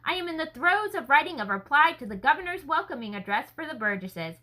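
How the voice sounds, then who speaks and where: A woman voicing an earnest, enthusiastic gentleman scholar in a story reading, speaking effusively. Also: high voice, very animated, fast talker, full character voice, poor audio. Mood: eager.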